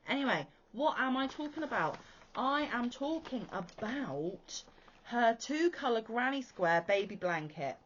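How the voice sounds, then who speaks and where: A woman's voice: on the high side, animated, unhurried, fairly bright tone, dull audio. A British woman hosting a crochet podcast, talking in a chatty, enthusiastic, rambling way. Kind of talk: casual chat.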